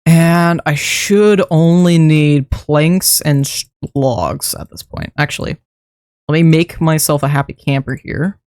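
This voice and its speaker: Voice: mid-range voice, a little slow, darkish tone, smooth, no echo, clean studio sound. A streamer giving casual gameplay commentary, rambling to themself and chuckling at their own mistakes while building. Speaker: streamer building a game base.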